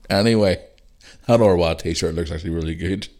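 Northern irish guy hosting his podcast, real low voice, chatty and rambly, bit of a ranter. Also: darkish tone. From Northern Ireland. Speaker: podcast host. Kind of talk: casual solo podcast chat.

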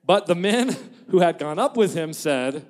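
A man preaching a sermon in an animated, joking way, acting out quotes and laughing at his own jokes. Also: a little high, unhurried. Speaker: pastor. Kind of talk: lively sermon. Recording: long reverb of a large hall.

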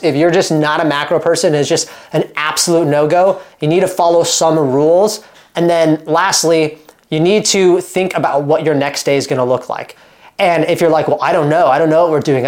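Man, 30s, from Oregon, fitness coach, casual to-camera chat, animated and emphatic, filler-heavy. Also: fairly high pitch. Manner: animated and emphatic, acts out quoted dialogue; chatty, full of "like" fillers and restarts.

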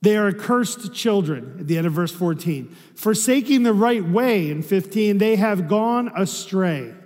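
High-voiced pastor preaching in a reverberant hall. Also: male voice, animated, measured pace, a little mellow. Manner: conversational preaching, asks the room rhetorical questions. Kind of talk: sermon.

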